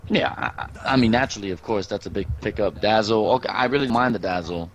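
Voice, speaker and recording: A game caster with a fairly low voice talks fast while commentating an esports draft, confident and opinionated, running on in long stretches. His mic sounds dull and slightly lo-fi, with a faint hum in the background.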